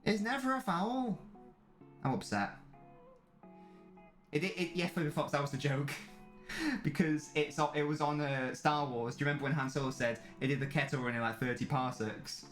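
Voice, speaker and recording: A man's voice: mid-range voice, fairly even intonation, brisk, fairly bright tone, faint music behind. Male streamer, angry foul-mouthed live-match ranting, echoey room. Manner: angry ranting, heavy swearing. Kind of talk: live match watch-along commentary.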